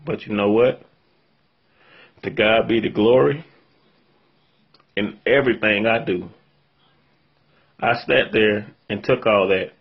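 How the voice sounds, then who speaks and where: A man's voice: on the low side, steady tone, slow, gravelly, long pauses, slightly rough, muffled recording. A man talking straight to his viewers, recounting something hard that happened to him, earnest and shaken after crying. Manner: earnest, heartfelt, addresses viewers directly. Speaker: vlogger recounting a personal event. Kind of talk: emotional first-person story to camera.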